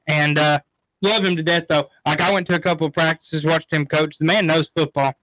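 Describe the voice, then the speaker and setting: Male sports radio co-host, bright and quick, dry close mic. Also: a little high, fairly even intonation, no room sound, low-quality recording. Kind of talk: casual sports chat.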